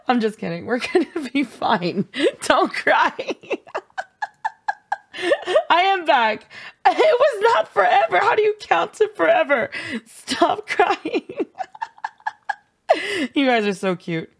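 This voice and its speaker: A woman's voice: high-pitched, big pitch swings, slow, gravelly, long pauses. A young woman streaming a game live, bubbly and giggly, with playful dramatic outbursts at her chat.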